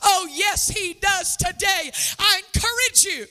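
Woman pastor, sermon, sing-song preaching, shouted bursts, faint music behind, long reverb. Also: extremely high pitch, a little slow. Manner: laughs now and then. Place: church sanctuary.

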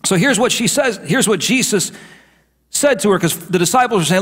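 A middle-aged male pastor delivers his sermon in a high-pitched voice. His delivery is animated, with pitch leaping around. He shifts from soft, confiding asides to bold, emphatic declarations. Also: moderate pace, husky. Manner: animated preaching, swings between hushed and emphatic.

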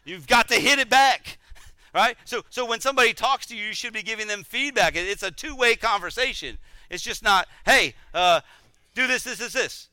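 A middle-aged man teaching a conversational sermon, animated and self-deprecating, often repeating words as he goes. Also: sits high, brisk, smooth, dry recording.

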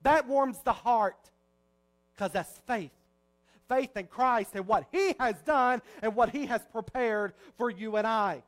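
A male pastor preaching a sermon, swinging between soft, low passages and loud, rising ones. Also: slow.

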